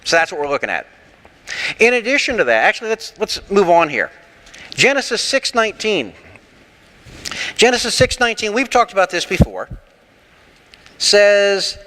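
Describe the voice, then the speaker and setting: Bright high-voiced man teaching scripture. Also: moderate pace, long pauses, long reverb tail. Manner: animated, rhetorical, lightly sarcastic. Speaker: pastor teaching a Bible class. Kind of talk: interactive sermon with questions. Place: church.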